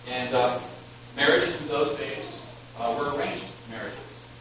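A man's voice: medium pitch, a little slow, fairly bright tone. A man preaching a sermon as the church's pastor, telling the story conversationally with wry asides. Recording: echoey hall, distant mic, hum.

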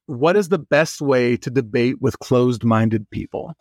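A man's voice: medium pitch, a little slow, a little mellow, no room sound, studio quality. Playful self-deprecating podcast host man. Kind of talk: casual comedic podcast chat.

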